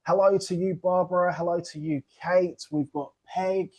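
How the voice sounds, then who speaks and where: A man's voice: high-pitched, fairly even intonation, normal speed, breathy edge. A man from England with an English accent, hosting an online book launch on a video call in an upbeat, joking, playful way.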